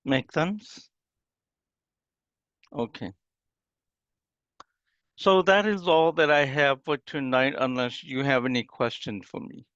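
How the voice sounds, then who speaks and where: A man's voice: medium pitch, takes it slowly, long pauses, fairly bright tone, no echo, dull audio. A man teaching an online language class, patiently explaining and demonstrating example phrases over a video call.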